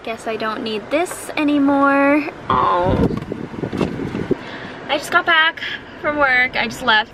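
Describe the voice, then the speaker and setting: A young woman in her twenties talks casually to her viewers, earnest and rambling with lots of "like". Her voice sits a little high. Steady traffic noise runs behind her. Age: 20s. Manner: chatty, earnest, full of filler "like". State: emotional, close to tears. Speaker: vlogger. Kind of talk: casual vlog chat.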